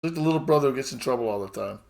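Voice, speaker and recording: A man's voice: medium pitch, racing, vocal fry, a little mellow. Teasing man playing a tabletop game. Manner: teasing, playful. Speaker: tabletop player. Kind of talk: in-character tabletop roleplay.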